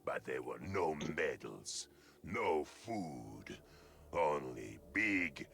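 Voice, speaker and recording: An actor playing a hulking, bitter male ogryn veteran in a game, gruff and gravelly, with a Yorkshire accent and slow, plain-spoken grumbling. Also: a bass voice, very animated, a bit bright, slight background noise, exaggerated voice.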